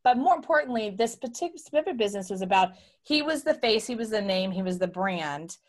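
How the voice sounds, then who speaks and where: A woman's voice: medium pitch, brisk. A middle-aged woman, a guest entrepreneur, telling her story in a casual interview, acting out the voices she quotes. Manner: animated, acts out quoted voices.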